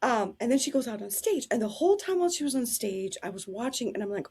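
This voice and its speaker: Casting: woman with a slightly husky, raised pitch, lively interview storyteller who laughs easily. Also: fairly quick, few pauses. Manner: animated, laughing while telling anecdotes.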